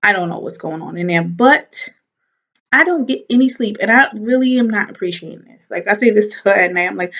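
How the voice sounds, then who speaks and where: A woman chatting casually to camera as a vlogger, animated and laughing as she talks. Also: mid-range voice, brisk, highs cut off.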